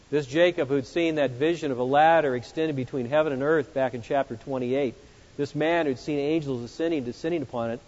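Man preaching, emphatic then hushed, high voice, muffled recording. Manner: emphatic, swings between loud exclamations and hushed reflective passages. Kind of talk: expository sermon. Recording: muffled sound with long hall reverb.

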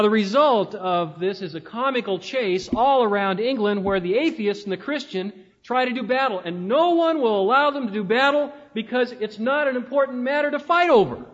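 Male preacher with a high voice, storytelling style and many "uh"s, recorded dull and reverberant. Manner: storytelling, with frequent "uh" fillers. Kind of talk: conversational sermon.

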